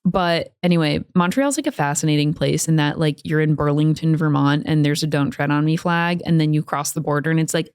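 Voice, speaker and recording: A woman with a lowish voice chats her way through a story on a podcast. She laughs often and slips into little voices for quoted lines. The sound is close and dry. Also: a little fast, few pauses, darkish tone, clean tone, no echo. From United States. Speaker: podcast co-host. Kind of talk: casual podcast chat.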